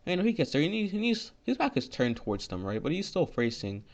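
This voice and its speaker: Rambling man with a gravelly voice. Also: a little high, big pitch swings, fast talker, a little mellow. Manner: rambling, filler-heavy. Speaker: fan storyteller. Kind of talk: casual improvised storytelling. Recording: lo-fi dull recording.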